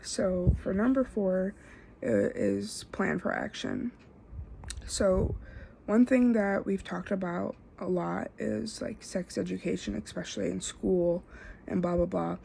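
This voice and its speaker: A young woman, a student, talking through a self-assessment in a halting way, full of fillers and restarts. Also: mid-range voice, gravelly, dark tone, slight background noise. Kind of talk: casual spoken self-assessment.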